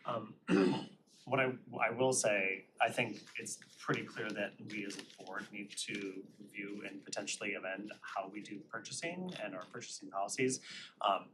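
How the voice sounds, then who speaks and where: A fairly low-voiced man chairs a county committee meeting in a brisk, businesslike manner. He keeps the discussion moving. Background noise runs through the meeting-room recording. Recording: noisy public meeting room.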